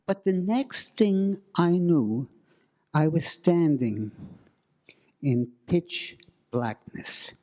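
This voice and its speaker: A man telling a spooky story live, slow and dramatic with suspenseful pauses. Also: on the high side, darkish tone.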